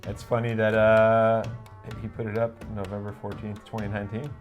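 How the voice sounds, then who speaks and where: A man's voice: on the low side, monotone, moderate pace, lo-fi sound. A man co-hosting a reaction video, making brief laid-back remarks. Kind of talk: casual chat. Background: faint guitar music.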